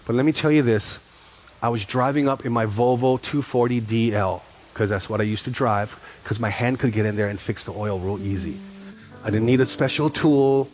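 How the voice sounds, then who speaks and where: A man's voice: medium pitch, slight background noise. A middle-aged man preaching a sermon as pastor, telling stories animatedly and repeating phrases for emphasis.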